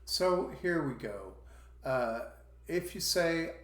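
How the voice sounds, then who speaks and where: Slow, deliberate male teacher in an echoey room. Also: mid-range voice, lively intonation, a bit bright. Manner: slow, deliberate, repeats example phrases to model intonation. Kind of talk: recorded online language lesson.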